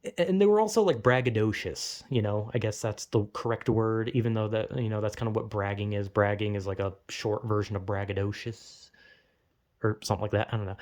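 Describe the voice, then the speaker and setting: A man's voice: mid-range voice, darkish tone. A young man telling a rambling, profane, self-mocking comedic story.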